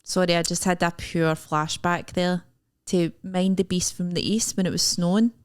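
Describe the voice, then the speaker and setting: A young Scottish woman with a Glasgow accent, co-hosting a podcast and chatting casually, chiming in with quick remarks. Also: lowish voice, flat delivery, clear, resonant tone. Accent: Scottish, Glasgow area. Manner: reactive, chimes in with quick comments and gasps. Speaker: podcast co-host. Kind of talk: casual chat.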